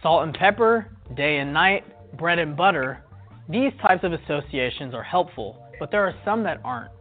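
Lively, wry male documentary narrator. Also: a little high, moderate pace. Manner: wry and playful. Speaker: video narrator. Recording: tinny lo-fi clip with faint music.

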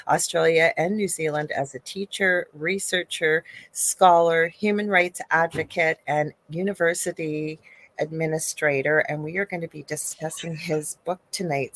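A woman's voice: low voice, fairly bright tone, no room sound. A woman from Canada hosting an interview over a video call, talking in a chatty, rambling way with lots of fillers. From Thunder Bay, Canada. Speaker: host. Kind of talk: casual interview chat.

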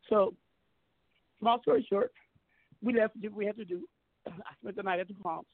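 Man, husky voice, boastful, swears a lot, dry sound, tinny phone call. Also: high voice, fairly quick, pauses often, dry recording. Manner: boastful, profane and emphatic. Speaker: guest telling a story. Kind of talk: animated storytelling on a talk show.

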